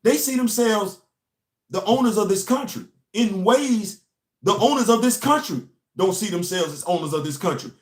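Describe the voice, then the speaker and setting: In an echoey room, a young man from the US delivers a fervent monologue as host, his high voice animated at a moderate pace. He's emphatic and sermonizing, hammering his main points by repetition.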